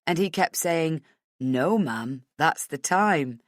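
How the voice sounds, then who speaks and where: A woman voicing a patient, easygoing young boyfriend who speaks softly, low and teasing. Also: takes it slowly, no echo, studio quality. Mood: gentle. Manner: soft, low, teasing and calm.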